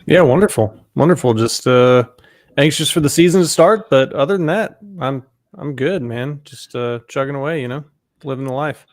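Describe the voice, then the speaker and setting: Male podcast co-host, laid-back chatter, mid-pitched, dry recording. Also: moderate pace, dry recording. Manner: relaxed, chatty with "you know" and "like". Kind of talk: casual sports chat.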